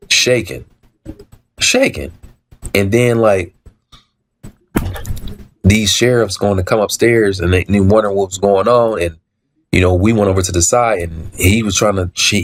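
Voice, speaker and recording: A man whose voice sits low tells his story casually. Along the way he repeats himself for emphasis, acts out the dialogue he quotes and clears his throat a lot.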